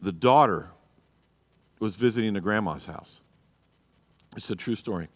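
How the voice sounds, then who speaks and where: A man's voice: fairly low pitch, unhurried, big-room sound. A man teaching a church marriage class, blunt and exhorting, often checking in with "you know" and "okay?". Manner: acts out quoted people in a raised voice.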